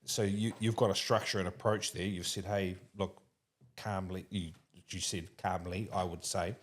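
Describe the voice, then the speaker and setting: Chatty New Zealand man, low voice. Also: moderate pace. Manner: animated, laughs often, talks in restarts. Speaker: interviewer. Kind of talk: casual conversational interview.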